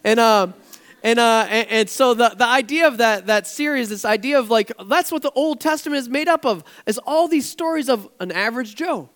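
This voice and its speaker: A male pastor preaching a casual, storytelling sermon in a church, growing animated and nearly shouting when excited. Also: extremely high pitch, moderate pace.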